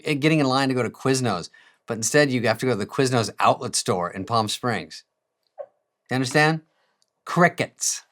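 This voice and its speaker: A man's voice: medium pitch, fairly bright tone. A man doing a comic monologue in a sarcastic, profane and self-mocking way, chuckling at his own jokes. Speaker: comedian.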